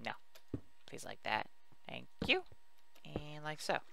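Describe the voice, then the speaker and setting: A man's voice: on the high side, big pitch swings, slow pace, vocal fry, background noise. A man giving casual, rambling commentary while building in a video game, chatty and self-mocking as he talks to his viewers. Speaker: let's play host.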